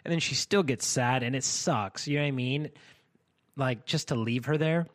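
A man's voice: medium pitch, normal speed. A young man co-hosting a podcast, telling stories in casual chat with lots of fillers and frequent laughter. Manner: chatty storytelling, laughs often, many fillers. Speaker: podcast co-host.

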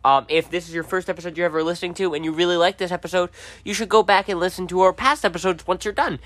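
Deadpan, teasing male podcast host, bright mid voice, dry close mic. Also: high-pitched, no echo. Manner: deadpan, teasing, rambling with fillers, quick asides. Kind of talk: casual podcast banter.

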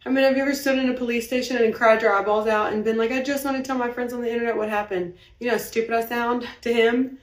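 A woman's voice: a little high, steady tone, quick pace, hardly any pauses. A young woman talking on a late-night live video, rambling and confessional and holding back tears, saying she feels anxious. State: anxious, heart racing. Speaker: business owner livestreaming. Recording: roomy echo, somewhat far from the mic.

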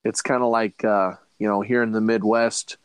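A man with a frog in his throat, narrating a tabletop game as game master in a rambling way and clearing his throat often. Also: fairly low pitch, level tone, normal speed, no room sound, rough recording.

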